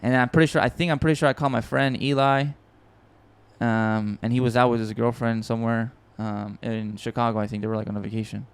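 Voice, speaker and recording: A man hosting a podcast, telling a story in a casual, excitable and rambling way with frequent swearing and restarts. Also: medium pitch, fast talker, smooth. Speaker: podcast host and music producer.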